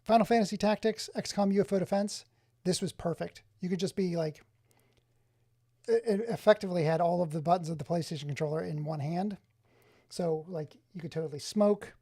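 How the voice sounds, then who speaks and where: A man streaming live from his home office, chatting excitedly with viewers and exclaiming often. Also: high-pitched, a little fast. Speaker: streamer showing his game collection. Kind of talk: casual live-stream chat.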